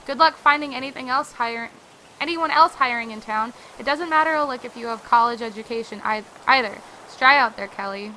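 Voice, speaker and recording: A woman reading the lines of a blunt, weary middle-aged mother aloud from a game, with loud exasperated outbursts. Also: on the high side, a little fast, slight background noise, low-quality recording. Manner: blunt, exasperated, raises her voice often.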